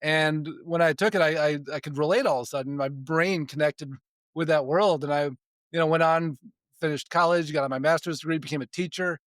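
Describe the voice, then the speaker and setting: A man's voice: a little high, a little fast, no echo, studio quality. A man in his forties telling personal stories as a podcast guest, in a casual way that often restarts and repeats words and breaks into chuckles. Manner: chuckles between sentences. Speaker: podcast guest, spiritual development coach. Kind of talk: casual storytelling in conversation.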